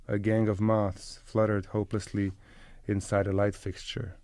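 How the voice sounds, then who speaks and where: A man with a low, grounded voice reads first-person literary prose at an unhurried pace. His delivery stays measured and deliberate throughout. The sound is close and completely dry, with no room echo. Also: monotone, darkish tone. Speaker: narrator. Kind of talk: scripted literary narration.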